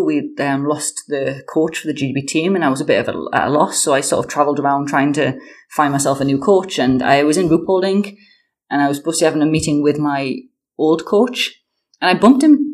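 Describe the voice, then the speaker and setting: A woman in her thirties from the United Kingdom, a guest chatting casually in an interview, with lots of fillers and animated storytelling. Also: low voice.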